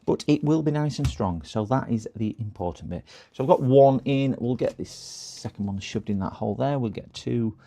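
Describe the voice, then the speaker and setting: A man's voice: mid-range voice, moderate pace, creaky, mellow. Chatty male repair streamer, mid-range voice, jokey and self-deprecating, narrates his work straight to the audience. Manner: chatty, joking, self-deprecating, talks to viewers. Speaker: laptop repair technician streaming live. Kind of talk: livestream repair commentary.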